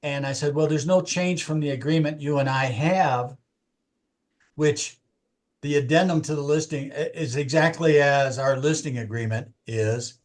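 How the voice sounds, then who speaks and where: A man's voice: a little high, moderate pace. A man who works as a real estate agent, telling his team about a client and acting out both sides of their talk. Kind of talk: casual storytelling in a meeting.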